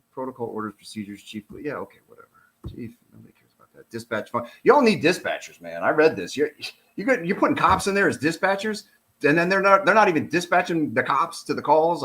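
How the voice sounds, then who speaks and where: Blunt, profane retired cop, lively pitch. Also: male voice. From United States. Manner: blunt, profane, animated and heated. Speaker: retired police officer commentator. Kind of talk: casual commentary reading a document.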